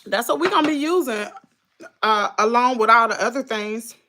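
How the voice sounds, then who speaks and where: A woman's voice: a little high, animated, normal speed, bright, forceful tone. A middle-aged woman with a Southern US accent, chatting casually with viewers on her livestream in a folksy way. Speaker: livestream host.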